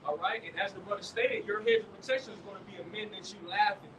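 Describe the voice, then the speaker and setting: A man's voice: high voice, fast talker. A man preaching in a scripture study. He talks emphatically and keeps checking in with his listeners. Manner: emphatic, checks in with "all right?". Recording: distant mic with loud outdoor noise.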